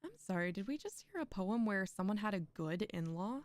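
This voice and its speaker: A woman's voice: mid-range voice, animated, brisk, dry recording. A young woman streaming a poetry reading, reciting poems aloud and breaking off into chatty asides with frequent laughs.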